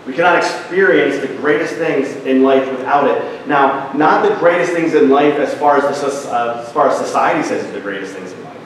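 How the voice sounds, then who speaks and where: A man's voice: medium pitch, expressive, brisk, hardly any pauses, a little hiss or hum. A man preaching a sermon as pastor, in a conversational way with asides and restarts. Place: church sanctuary. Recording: echoey church hall from a distance.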